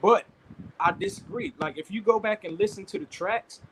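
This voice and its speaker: A man's voice: sits high, huge pitch swings, normal speed, creaky, noisy background. Laid-back man making his case. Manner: laid-back but firm, swears casually. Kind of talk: casual debate.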